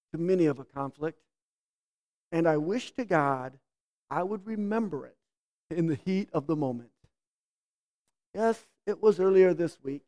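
A middle-aged man from the United States delivers a sermon. He talks in an animated way, swinging from loud outbursts to quiet, confiding asides. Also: high voice.

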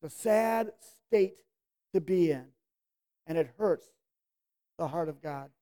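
An emphatic preacher delivering a sermon. The voice stretches key words out slowly and then pushes the listeners with pointed rhetorical questions. Its pitch sits in the middle of the usual range. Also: animated, warm tone.

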